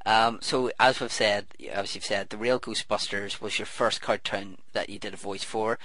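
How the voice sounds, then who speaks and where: A man's voice: fairly low pitch, level tone, normal speed, a bit bright, no echo. A man hosting an interview show, eager and a bit stammering, with plenty of fillers. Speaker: podcast host.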